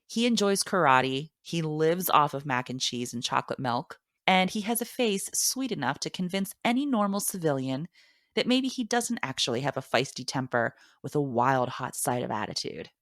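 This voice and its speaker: A woman's voice: deep voice, sing-song, normal speed, a bit bright, dry recording, studio quality. A woman in her thirties, a podcast host, reading her own personal essay aloud with wry, playful storytelling.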